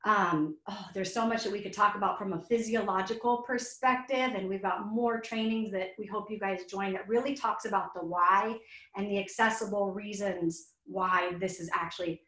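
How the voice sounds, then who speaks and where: A woman's voice: medium pitch, fairly even intonation, moderate pace, a bit bright. A woman leading a children's yoga breathing exercise in a webinar, speaking in a soothing, encouraging way to both kids and teachers. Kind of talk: guided yoga instruction in a webinar. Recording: roomy echo.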